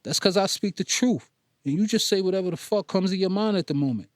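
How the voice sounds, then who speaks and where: A man's voice: sits high, quick pace, no room sound, studio quality, voice pushed up, close to an everyday voice. A man voicing a confident, nonchalant young man in an audiobook. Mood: blunt. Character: cool, blunt young man, personal trainer.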